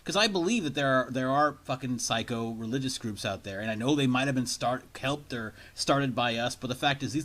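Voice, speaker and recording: A man's voice: medium pitch, a little fast, hardly any pauses, fairly bright tone. A man hosting a casual podcast chat, rambling with restarts and some profanity. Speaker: podcast host.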